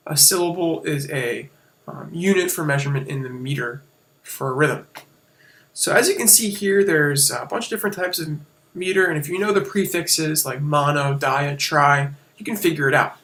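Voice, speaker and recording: Bright-voiced man teaching a casual lesson. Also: on the high side, normal speed. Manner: casual, explanatory, with fillers and self-corrections. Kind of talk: screen-share lesson on poetic meter.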